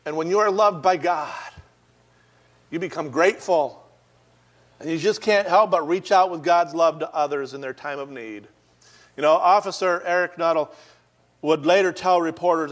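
A man preaching a sermon as pastor, telling a story earnestly and slowing down for emphasis. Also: a little high.

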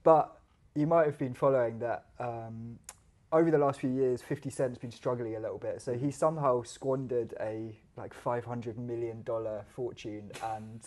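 Relaxed podcast chat comes from a male co-host whose voice sits at medium pitch with a somewhat dark tone. Fillers and laughs turn up frequently as he talks.

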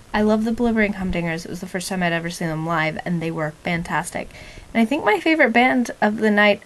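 A young woman making a chatty, rambling video diary for her boyfriend, excitable and fond. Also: lowish voice, rough recording. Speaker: vlogger. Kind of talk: casual video diary to a partner.

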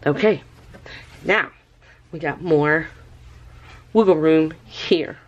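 A woman chatting her way through a tie-dye tutorial, thinking aloud and getting excited. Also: low voice, slow, lo-fi sound. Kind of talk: casual craft tutorial.

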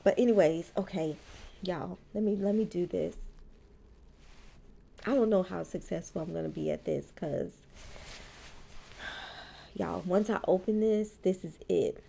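A woman's voice: on the low side, a little slow, gravelly, long pauses, warm tone, husky. A woman talking casually to her camera in a vlog, chatty and often sighing or dropping to a whisper. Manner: chatty, keeps saying "y'all", sighs and nervous whispers. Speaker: vlogger.

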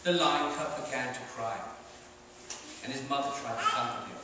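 A man's voice: mid-range voice, normal speed. A man from Sweden, an author, reading his storybook aloud to children in a library. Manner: clear, expressive storytelling. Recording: echoey hall from far off, noisy.

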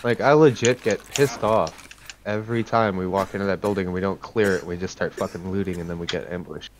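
A man's voice: low-pitched, fairly quick, a little hiss or hum. A man streaming a shooter game with friends, chatting casually, swearing and yelping when he gets hit. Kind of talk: casual gaming chat.

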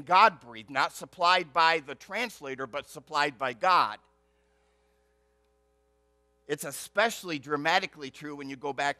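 Forceful, emphatic male pastor preaching. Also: on the high side, dry recording. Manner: emphatic, swings between loud stresses and hushed asides; rhythmic repetition for emphasis. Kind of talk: sermon.

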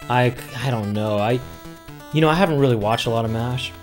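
Male streamer, mid-pitched, rambling casual chat over faint game music. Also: brisk. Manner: rambling, hums and sings tunes loudly and high. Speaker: streamer playing a retro game. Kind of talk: casual chat while gaming.

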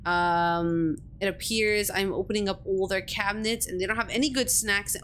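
A woman's voice: mid-range voice, measured pace, a little hiss or hum. A young woman streaming a horror game, jumpy, swearing freely and talking back at the game as she plays. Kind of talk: live-streamed gameplay commentary.

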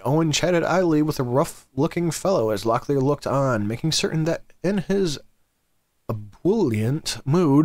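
A man's voice: fairly high pitch, dry recording, clean studio sound. A man hosting a let's play, joking casually and reading out game text. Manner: laid-back, joking. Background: game music.

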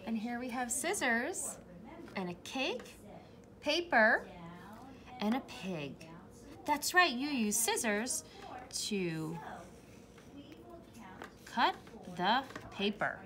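A young woman who teaches preschool, reading a picture book aloud to young children in a slow, encouraging way. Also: fairly high pitch, big pitch swings, a crowd in the background. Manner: slow, sing-song, encouraging.

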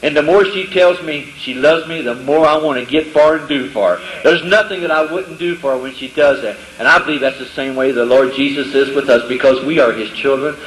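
A middle-aged man tells homespun testimony stories at a camp meeting, slipping into the voices of the people he quotes. His voice sits at an ordinary pitch and carries the echo of a large hall. A faint murmur of ambience hangs behind him. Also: brisk, hardly any pauses, fairly bright tone, slight background noise. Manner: storytelling, acts out quoted voices, folksy grammar. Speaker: preacher giving a testimony. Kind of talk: folksy testimony to young people.

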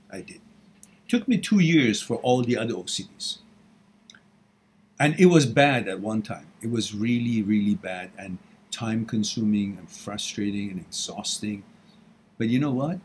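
A middle-aged man hosts a live Q&A, answering viewer questions by telling his own story earnestly and emphatically. His voice runs low, with lively intonation and a slightly slow pace, and there's a little background noise.

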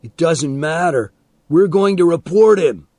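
A man playing a young boy standing up to bigger kids, pitched well above the reader's own voice and slightly raised in volume. He speaks firmly and stubbornly. The sound is a close, dry storybook reading. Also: expressive, a little slow, dark tone, no echo. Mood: stubborn defiance.

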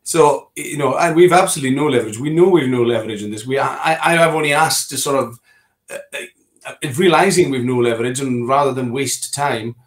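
A man's voice: medium pitch, brisk. A middle-aged Scottish man, a politician talking as an interview guest in a discursive way, often restarting and repeating words.

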